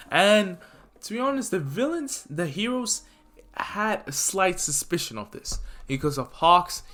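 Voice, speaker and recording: Bright-voiced guy rambling through a fan story, excited, stumbles on names. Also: a little high. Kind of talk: casual fan-story retelling.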